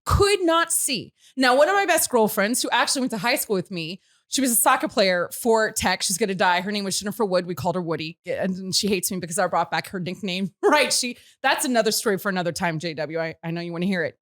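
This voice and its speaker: Animated woman telling a story. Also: medium pitch, fast talker, few pauses. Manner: lively, laughing, shouts quoted lines. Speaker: show host. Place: radio studio.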